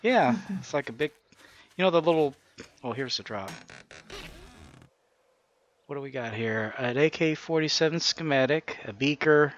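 A man's voice: mid-range voice, normal speed, long pauses, fairly bright tone, dull audio. Male gaming host, casual co-op banter, wry and chuckly, faint hiss under the voice. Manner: chuckles often, wry asides. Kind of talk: casual co-op gameplay chat.

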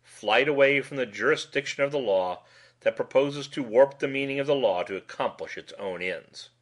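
A man's voice: medium pitch, moderate pace, lightly acted. A man voicing a sly, amused male police lieutenant who talks in a wordy, mock-formal way.

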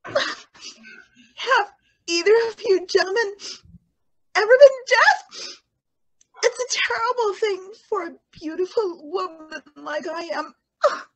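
A woman's voice: very high voice, takes it slowly, rough recording. A woman playing a vain, deaf, weeping lady. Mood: tearful. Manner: tearful, pleading lament. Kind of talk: amateur stage reading.

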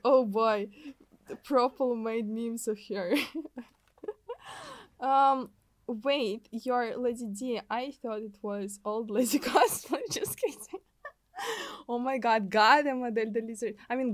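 A young woman from Russia, speaking English with a Russian accent, runs a casual game livestream and chats excitably with her viewers. Her voice sits high and bright, with lots of giggling between lines. The sound is dry and close on a desk mic, with no room around it. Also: no echo. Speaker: streamer.

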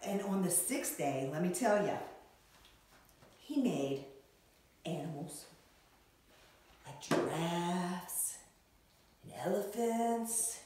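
A middle-aged woman teaching a Sunday school lesson to young children, with an animated, sing-song way of talking. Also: on the low side, slow, pauses often, background noise. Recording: echoey room, from far off.

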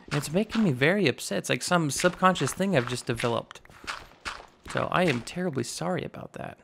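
A man in his twenties with a slightly raspy voice, casually narrating a building game and rambling as he goes. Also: fairly high pitch, expressive, a little fast, background noise. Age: 20s. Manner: rambling, self-teasing, narrates each step aloud. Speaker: gaming YouTuber. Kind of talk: casual Minecraft let's play commentary.

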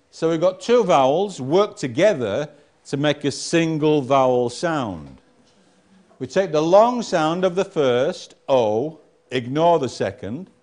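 A man's voice: a little high, a little mellow. A man teaching a phonics lesson, sounding out nonsense syllables one by one and calling on the class to answer. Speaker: reading teacher.

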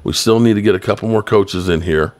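A man's voice: lowish voice, brisk. A middle-aged man hosting a sports podcast, giving blunt, rambling commentary in a tired late-night way. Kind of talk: casual solo commentary.

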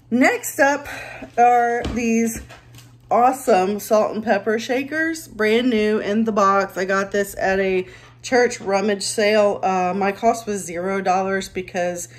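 A part-time reseller chats casually and upbeat with her viewers in a mid-range voice. She shows off what she has sold, with a self-deprecating streak.

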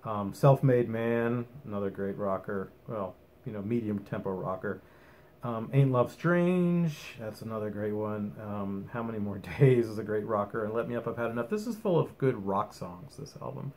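A man's voice: lowish voice, normal speed, darkish tone, a little hiss or hum. A man giving a casual, rambling album review at home, enthusiastic and full of ums and restarts. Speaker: music vlogger.

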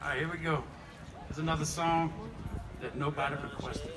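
A man with a Louisiana Southern accent, a blues musician joking with the crowd from an outdoor festival stage in a relaxed drawl. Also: on the high side, moderate pace, heavy background noise. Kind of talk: stage banter between songs. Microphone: stage vocal mic. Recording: live concert, loud band music. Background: loud live band music.

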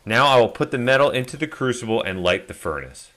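A man calmly narrating a step-by-step metal casting tutorial as a voice-over. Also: mid-range voice, quick pace. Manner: calm step-by-step explaining. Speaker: DIY metal casting channel host.

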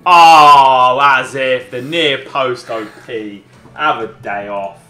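A man commentating a football video game match with a friend, excitable and laughing, shouting when goals go in. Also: medium pitch, slow. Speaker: gaming YouTuber. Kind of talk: excitable casual gaming banter. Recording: roomy echo with game music behind.

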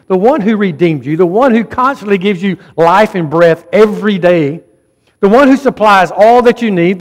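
A man's voice: sits high, in a large hall. A man preaching a sermon as pastor, speaking emphatically and often urging the congregation directly. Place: church sanctuary.

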